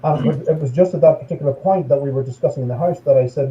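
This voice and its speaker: A man's voice: medium pitch, warm tone, a little hiss or hum. Irish man telling a story over an echoey call. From Ireland. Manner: halting, repeats words, measured. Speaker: guest paranormal investigator. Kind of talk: casual storytelling on a live video call. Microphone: video call. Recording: dull lo-fi call audio, echoey room.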